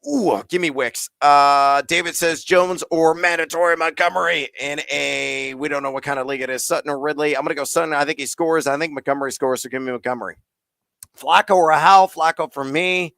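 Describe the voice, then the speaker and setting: A man hosting a fantasy football Q&A, answering chat questions rapid-fire with playful, hyped asides. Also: on the high side, gravelly, bright, forceful tone, dry recording. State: out of breath.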